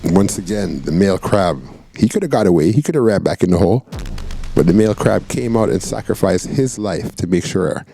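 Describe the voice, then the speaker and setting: A man's voice: sits low, lively intonation, a little fast, vocal fry, warm tone, faint music behind. A man hosting a show, casually commenting on clips and asking viewers to weigh in. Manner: laid-back, chatty, asks viewers to comment. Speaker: host reacting to clips.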